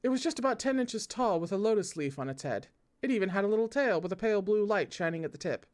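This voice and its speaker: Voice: mid-range voice, lively intonation, brisk, lightly acted. A reader voicing a sly, teasing young disciple. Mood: earnest. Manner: earnest-sounding, teasing.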